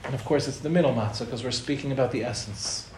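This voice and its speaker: Guy giving a relaxed spiritual talk to a crowd, tells stories and acts out quotes, room echo. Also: medium pitch, fast talker, a little hiss or hum. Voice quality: conversational, acts out quotes in storytelling. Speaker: Torah teacher. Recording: roomy echo, faint ambience.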